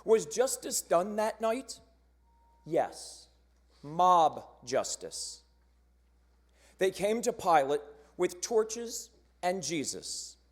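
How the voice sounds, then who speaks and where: A man narrating a church cantata in a measured, solemn storytelling manner, posing rhetorical questions as he goes. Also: high voice, sing-song. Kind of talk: scripted dramatic narration. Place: church sanctuary during a choir performance.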